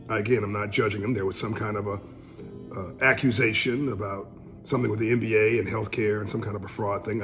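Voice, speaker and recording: Earnest man lecturing on money. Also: on the low side. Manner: earnest, building to emphatic outbursts. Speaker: financial literacy speaker. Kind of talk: commentary on a played clip.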